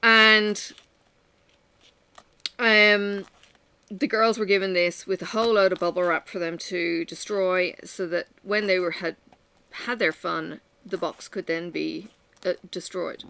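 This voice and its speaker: Bright-voiced woman venting candidly. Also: lowish voice, steady tone, takes it slowly, gravelly, clean tone. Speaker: vlogger. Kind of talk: casual chat while crafting. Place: at home.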